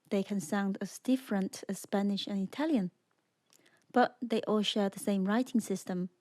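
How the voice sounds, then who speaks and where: A woman narrating a scripted beginner language lesson, speaking slowly and clearly and demonstrating sounds for the listener to repeat. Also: medium pitch, a little mellow. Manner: slow, clear, demonstrating tones. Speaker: language teacher.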